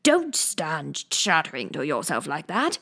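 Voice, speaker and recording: A haughty, self-important egg man perched on a wall, read by a woman drawls every word slowly and lectures as though each remark were a grand pronouncement. his tone is lofty and prickly, like someone easily offended, and he sounds far from the mic. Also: sits low, wildly swooping pitch, gravelly, a bit bright, heavily acted.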